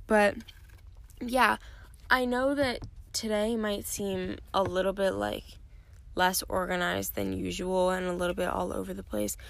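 Tired young woman, gravelly and candid. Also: mid-range voice, fairly even intonation, unhurried, dry recording. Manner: candid, rambling, many "like" fillers. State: tired, yawning. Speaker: podcast host. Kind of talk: casual solo podcast talk.

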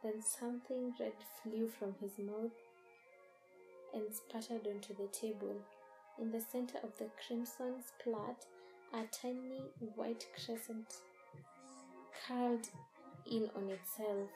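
A woman reading a first-person horror story in a measured, dramatic storytelling manner. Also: on the high side, fairly even intonation, music in the background, poor audio. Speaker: narrator.

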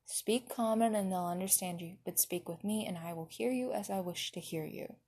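Gruff dragon king, read by a woman. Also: medium pitch, normal speed, dark tone. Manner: blunt, curt, swearing. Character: gruff scowling dragon king, young man.

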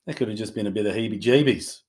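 A man's voice: lowish voice, quick pace, darkish tone. A man co-hosting a podcast in a laid-back, joking way, plainly explaining things about horses. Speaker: podcast co-host. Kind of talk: casual chat.

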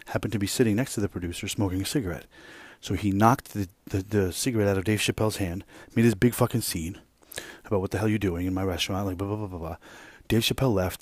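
A man hosting a podcast, telling a rambling, profane workplace story in a casual, animated way. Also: lowish voice, fast talker, dry recording. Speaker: podcast host.

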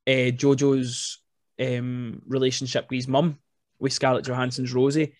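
A man hosting a podcast, chatting casually and excitedly about a film, rambling, swearing now and then, and filling his talk with "like". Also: medium pitch, moderate pace, no room sound, clean studio sound. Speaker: podcast host.

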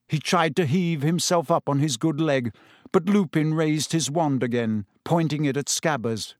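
A man narrating an audiobook in a measured, even way. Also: on the high side, no room sound, clean studio sound. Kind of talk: scripted narration.

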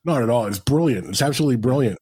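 A man's voice: medium pitch, rapid-fire, slightly rough. A man co-hosting a podcast, retelling a match in casual chat and acting out the crowd's reactions. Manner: animated storytelling, acts out crowd reactions. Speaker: podcast co-host.

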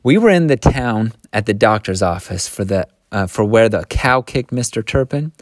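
A man reading aloud, voicing a proud, indignant farm woman in a flat, clipped, scornful tone. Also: fairly low pitch, normal speed, no room sound, clean studio sound, lightly acted. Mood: stern.

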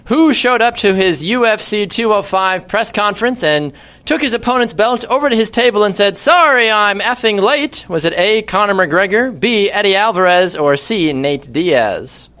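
Young man, quiz host, joking asides, slightly high voice. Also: animated, normal speed, a bit bright. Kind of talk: casual quiz hosting with banter.

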